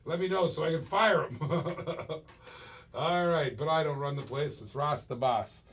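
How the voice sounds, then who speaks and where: A man's voice: on the high side, measured pace, slightly rough. A man hosting a live-stream toy car auction, calling bids and joking with viewers in chatty auctioneer patter.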